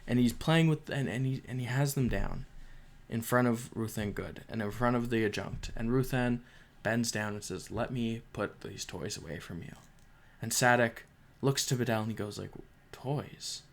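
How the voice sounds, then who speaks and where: A man's voice: medium pitch, moderate pace. Emotional man rambling through a book review. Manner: emotional, rambling, frequent restarts and fillers. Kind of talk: casual spoken book review.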